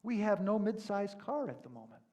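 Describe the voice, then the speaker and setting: A man voicing a polite female rental clerk who answers flatly and without concern. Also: high-pitched, normal speed, highs cut off.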